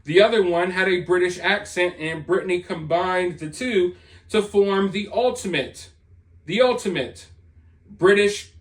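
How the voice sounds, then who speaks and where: High-voiced sarcastic man ranting. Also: moderate pace. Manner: sarcastic, dismissive, rambling. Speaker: commentary channel host. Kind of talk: opinionated commentary monologue.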